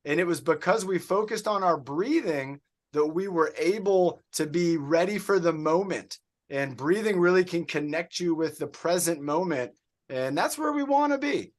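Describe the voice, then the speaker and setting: Upbeat high-voiced male fitness coach. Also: lively intonation, moderate pace. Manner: upbeat and encouraging, praising students by name. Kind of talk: leading an online workout class.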